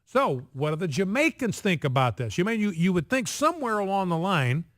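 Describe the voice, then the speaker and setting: A male talk radio host with a slightly high voice, recorded dry and close in a studio. He delivers commentary with emphasis, stretching out key figures and stacking repeated phrases into rhetorical questions. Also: very animated, dry recording. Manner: emphatic, slows down to stress figures.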